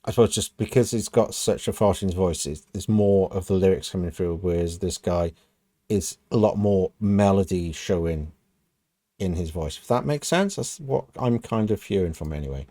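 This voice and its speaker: A man's voice: deep voice, normal speed, warm tone, dry recording, studio quality. A man hosting a music reaction video, thinking aloud in a casual, musing way with frequent "kind of" and "you know". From United Kingdom.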